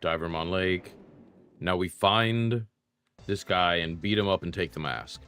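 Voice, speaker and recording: A man's voice: low voice, a little slow, pushed and bright, clear, resonant tone. A young man streaming a retro game, chatting casually and self-deprecatingly with his viewers while he plays. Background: faint game music.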